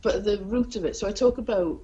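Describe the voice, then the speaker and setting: A woman talking reflectively in a casual interview, relaxed and a little halting. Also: medium pitch. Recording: dull lo-fi recording.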